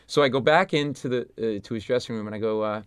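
A man from Rhode Island, a stand-up comedian telling lively anecdotes in an interview and jumping into loud voices of the people in them. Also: mid-range voice, quick pace, clear, resonant tone, no room sound, clean studio sound. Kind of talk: animated storytelling in an interview.

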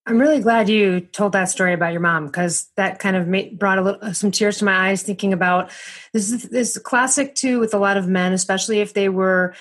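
Woman, podcast host, mid-pitched, reflective, searching, conversational. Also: fairly even intonation, fairly quick. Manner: reflective, searching, with many fillers and restarts.

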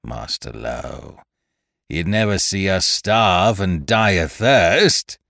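A man's voice: lowish voice, expressive, takes it slowly, a bit bright, no room sound, studio quality, pitched above the performer's own voice. Man doing a mournful rustic pirate. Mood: pleading. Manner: pleading, mournful, dialect grammar. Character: long-faced beaten pirate man, mournful, rustic speech.

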